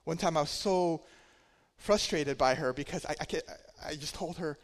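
A man's voice: on the high side, moderate pace. Man preaching with hall reverb. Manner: conversational storytelling with dynamic loudness swings. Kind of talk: sermon.

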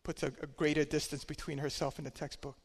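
Man, preacher, sermon storytelling, slightly higher voice, shifts loud and soft. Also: little pitch movement, fast talker, husky, long reverb tail. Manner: conversational storytelling with dynamic loudness swings.

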